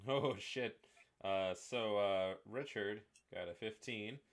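A man hosting a tabletop role-playing show, giving announcements and narrating as game master in a relaxed way with many filler words. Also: on the low side, slow, dry recording.

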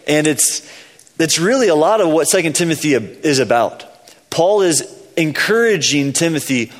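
A man preaching a relaxed, conversational sermon as a pastor in a church. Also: a little high, in a large hall. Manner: conversational, chatty with fillers like "man" and "kinda". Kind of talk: casual sermon. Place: church sanctuary.

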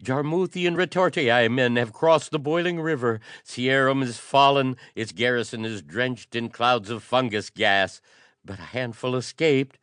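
A man's voice: mid-range voice, unhurried, fairly bright tone, smooth, dry recording, studio quality, voice pushed up, lightly acted. A man voicing a terrified, breathless messenger who stammers and pleads. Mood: panicked. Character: terrified panting male courier.

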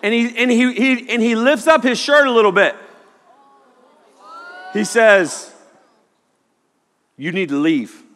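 A man preaching a sermon, telling a personal story in an animated way and sometimes shouting quoted lines. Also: very high voice, unhurried, pauses often, some chatter behind. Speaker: pastor. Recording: long hall reverb.

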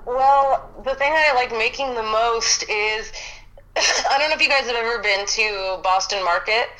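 A woman chatting as a guest, excitable and quick to laugh, swearing freely. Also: a little high, low-quality recording. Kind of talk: casual chat.

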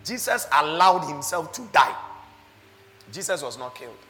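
A man preaching a sermon as pastor, animated, laughing often and asking his listeners rhetorical questions. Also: on the high side, moderate pace, long reverb tail.

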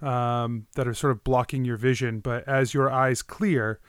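A man's voice: medium pitch, steady tone, a little slow, clear, resonant tone, no room sound, clean studio sound. A man running a tabletop game as game master, narrating scenes and voicing side characters, with frequent fillers.

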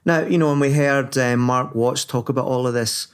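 A man from northern England talking in a relaxed co-host chat. He gets animated as he goes, laughs often and restarts his sentences as he thinks aloud. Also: mid-range voice, moderate pace, clear, resonant tone. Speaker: podcast co-host. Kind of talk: casual conversation.

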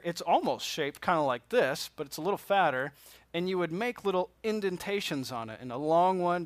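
A man's voice: on the high side, fairly bright tone, no room sound. A man teaching a Bible class from slides, talking casually and asking the class questions. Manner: conversational, asks the class questions.

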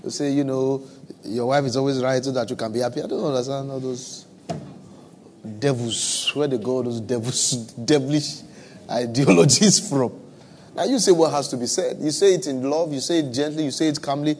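A male preacher with a West African accent speaks to his congregation in an easy storytelling way. His voice sits in a middle pitch, and he repeats lines for effect. A faint hum of room ambience sits underneath. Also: normal speed. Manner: conversational storytelling with humor, repeats phrases. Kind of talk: sermon. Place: church with live and online audience.

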